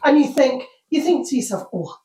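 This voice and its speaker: A woman's voice: a little high, very animated, unhurried, darkish tone. An older woman, a guest on a casual podcast, telling stories about home life in a wry, mock-exasperated way. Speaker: guest, co-host's mother. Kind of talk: casual chat, storytelling. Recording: roomy echo.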